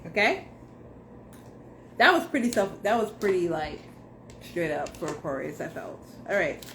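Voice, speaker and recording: A woman's voice: on the low side, big pitch swings, measured pace, fairly bright tone, a little hiss or hum. Blunt, slangy woman tarot reader. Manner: blunt, slangy and profane, talking straight to viewers. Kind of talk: casual tarot reading to camera.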